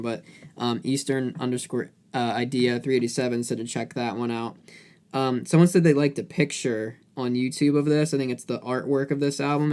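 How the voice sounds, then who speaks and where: A man co-hosting a music podcast in relaxed chat. He rambles, piles on fillers and restarts his sentences, and he speaks at an ordinary middle pitch. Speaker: podcast co-host.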